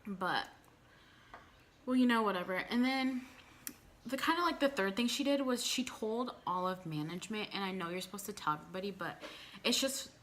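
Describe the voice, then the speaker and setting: A young adult woman recounts a story for her vlog audience with a bright, forceful tone. She talks animatedly and drops "like" into nearly every sentence. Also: medium pitch, normal speed. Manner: animated storytelling with frequent "like" fillers. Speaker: vlogger.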